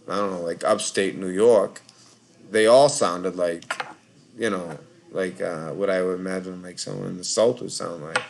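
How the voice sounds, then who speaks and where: A man's voice: low-pitched, vocal fry. A tired man with a Boston accent hosting a live call-in show, rambling casually with lots of filler words.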